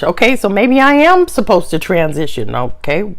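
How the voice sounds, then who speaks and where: A middle-aged woman telling a personal story to her camera in a chatty, animated way, sometimes dropping to a hushed aside. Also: a little slow. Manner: animated, chatty, big pitch swings, drops to a hushed aside. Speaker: vlogger.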